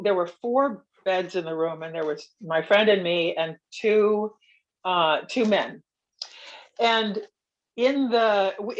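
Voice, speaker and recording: A woman guest telling travel anecdotes in a casual chat, lively as she recounts them. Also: fairly low pitch, muffled recording. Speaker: guest, pilgrim author.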